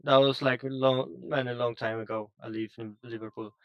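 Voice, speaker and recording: A man chatting casually with a friend while gaming, relaxed, in slightly broken English. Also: mid-range voice, brisk, muffled recording.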